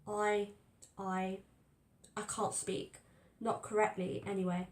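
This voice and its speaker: A woman's voice: mid-range voice, flat delivery, slow pace, pauses often. A woman narrating a first-person story aloud in a tense, fearful telling. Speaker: audiobook reader. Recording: roomy echo.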